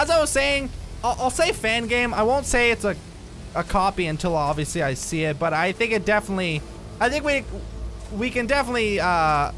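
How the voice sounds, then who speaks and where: A gaming YouTuber, a young man, gives horror let's play commentary, jumpy and exclaiming with bursts of nervous laughter. His voice is high-pitched with a fairly bright tone.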